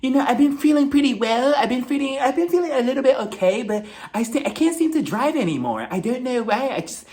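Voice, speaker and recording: A man doing a comic impression of a wealthy socialite woman who rambles on in a wistful, drawn-out way. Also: very high voice, big pitch swings, darkish tone, pitched above the performer's own voice. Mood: mopey.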